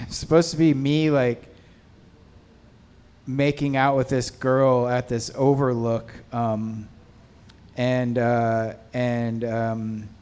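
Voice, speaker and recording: A man's voice: mid-range voice, darkish tone, clear, resonant tone. A man on a film panel, telling a rambling casual story about stepping in as an actor. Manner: rambling, many fillers and restarts.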